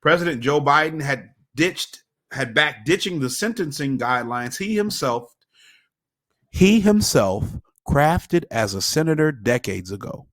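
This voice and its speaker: A man's voice: a little high, expressive, fairly bright tone, dry recording, clean studio sound. A man co-hosting a political podcast, reading news items aloud and adding wry comments. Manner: measured, wry, reads then comments. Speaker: podcast co-host.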